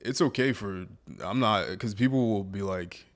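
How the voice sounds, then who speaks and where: A young man co-hosting a podcast, chatting casually in a relaxed, hesitant way that often trails off. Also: on the low side, normal speed. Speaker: podcast co-host. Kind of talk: casual chat.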